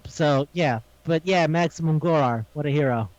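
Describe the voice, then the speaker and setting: A high-pitched man co-hosts a casual podcast and retells a show with lively energy, often acting out the characters' lines. His voice sounds dry and close. The audio is a little dull. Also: normal speed, dry recording. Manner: animated storytelling, acts out quotes, laughs often. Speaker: podcast co-host. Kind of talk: casual chat recapping an anime.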